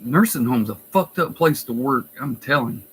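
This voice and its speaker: A man's voice: medium pitch, animated, normal speed, a little hiss or hum, low-quality recording. A man who works in a nursing home, telling stories in a blunt, profane, wry way. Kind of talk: casual storytelling vlog.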